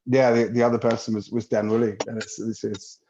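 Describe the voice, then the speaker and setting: A man's voice: medium pitch, level tone, fairly quick, mellow. A man telling friendly anecdotes in a casual video chat, laughing as he goes. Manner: anecdotal, laughs through stories. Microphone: video call. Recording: dull video call audio with faint noise.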